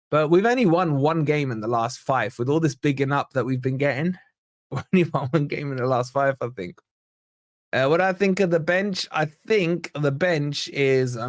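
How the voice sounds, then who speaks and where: With a fairly high-pitched voice, this fan channel host from England chats excitedly through a live football watch-along and reads out messages from viewers. There's no echo, and the audio is studio-clean.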